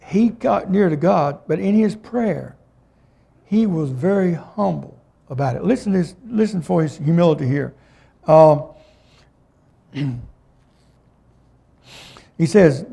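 Gravelly preacher guy giving a sermon, reads scripture then talks it through plainly, kinda high voice. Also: expressive, moderate pace, pauses often, dark tone. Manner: plain-spoken, reads scripture aloud and explains it.

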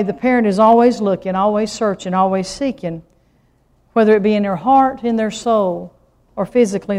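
A woman preaching a sermon, expressive and full of rhetorical questions, slowing down to stress key words. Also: fairly high pitch. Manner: expressive, with rhetorical questions and slow emphatic phrases.

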